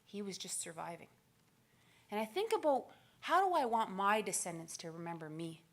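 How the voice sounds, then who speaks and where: A woman in her forties giving a motivational keynote speech, telling stories with lively acted-out quotes. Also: medium pitch, normal speed. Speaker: keynote speaker. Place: conference stage.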